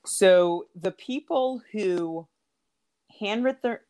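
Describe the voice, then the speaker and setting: A woman talking in a relaxed chat who tells stories with frequent laughter. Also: mid-range voice, very slow, smooth. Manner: animated storyteller, laughs often. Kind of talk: casual conversational chat.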